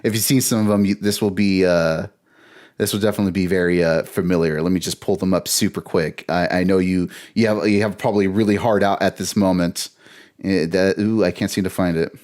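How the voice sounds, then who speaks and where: A man's voice: deep voice, fairly even intonation, brisk, darkish tone. A man, a podcast guest, telling a casual rambling story with frequent restarts. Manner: rambling, with many restarts and laughter.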